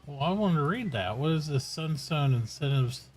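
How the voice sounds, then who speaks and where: A man streaming casually from home, chatting and talking fondly and softly to his dog. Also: on the high side, expressive, moderate pace, slightly rough, faint music behind, low-quality recording. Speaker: live streamer. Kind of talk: casual chat while streaming.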